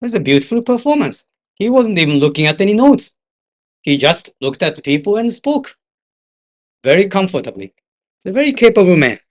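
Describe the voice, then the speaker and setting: A man's voice: high voice, big pitch swings, a little fast, long pauses. Older Japanese man telling lecture anecdotes. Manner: storytelling, switches into Japanese asides. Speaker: interpreter giving a seminar talk.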